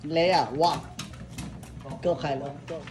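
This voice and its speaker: A woman's voice: sits low, steady tone, slow, low-quality recording. A woman coaching her dogs through a workout, giving short, firm commands and praise. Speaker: dog owner.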